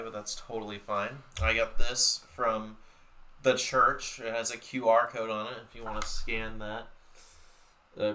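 A young man talks straight to the camera about his day, rambling and joking with easy profanity. His voice has a bright, forward edge, and his middle-range pitch sits loosely in casual chat. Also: slight background noise. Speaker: vlogger.

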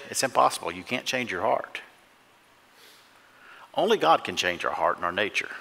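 Bright-voiced preacher in an echoing church. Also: male voice, mid-range voice. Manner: fervent, asks the congregation questions. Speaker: pastor. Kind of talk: sermon. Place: church sanctuary. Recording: echoey church hall.

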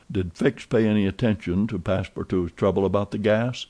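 A man narrating a classic novel as an audiobook, in an even, measured storytelling manner. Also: lowish voice. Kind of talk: scripted narration.

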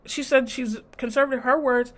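A woman's voice: sits high, steady tone, normal speed, a bit bright. A woman vlogger giving a casual, sassy and blunt recap of a reality TV show, mimicking the cast as she goes. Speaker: TV review vlogger.

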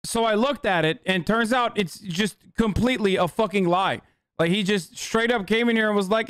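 High, crisp-voiced profane streamer man. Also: a bit bright, dry recording, studio quality. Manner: profane, sarcastic, rapid-fire. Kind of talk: casual stream reaction.

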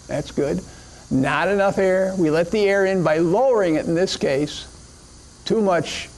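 A man's voice: high-pitched, a little slow, darkish tone. A middle-aged man joking with helpers as he gives a chemistry demonstration in a classroom. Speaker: chemistry teacher. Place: classroom or lecture hall.

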